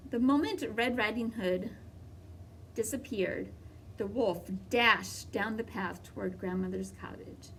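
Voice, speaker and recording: A woman reading a children's storybook aloud in a slow, expressive way. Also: mid-range voice, recorded from a distance, slight background noise.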